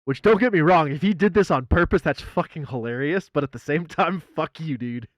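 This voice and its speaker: Streamer, male: animated and foul-mouthed, higher voice swinging all over, dry close mic. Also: brisk, no room sound. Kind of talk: casual live-stream chat.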